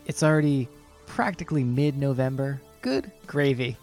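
A young man co-hosting a podcast in casual banter, teasing in a dry, deadpan way. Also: medium pitch, normal speed, soft background music. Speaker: podcast co-host.

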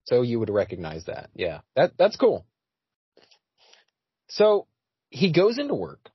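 A man's voice: mid-range voice, huge pitch swings, unhurried, husky, dry recording. A man hosting a casual podcast chat, talking with frequent fillers and restarts. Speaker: podcast host. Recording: dry, slightly dull audio.

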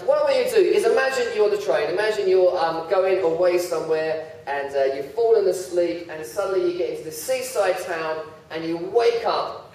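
A man's voice: sits high, a little mellow. A man giving a humorous sermon, telling self-deprecating stories about his own slip-ups. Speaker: preacher. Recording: very echoey hall, voice heard from far off.

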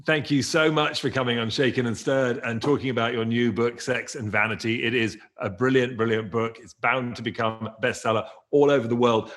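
A middle-aged man with a British accent, hosting an interview and telling stories in a relaxed way. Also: medium pitch, fairly quick, hardly any pauses. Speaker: podcast host. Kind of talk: conversational interview.

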